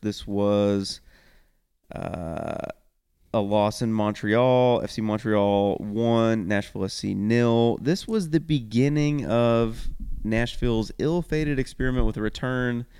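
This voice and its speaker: A man's voice: lowish voice, a little mellow, smooth, no room sound, studio quality. A man hosting a casual sports podcast, rambling a little and correcting himself as he goes. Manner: rambling, self-correcting, upbeat. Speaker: podcast host.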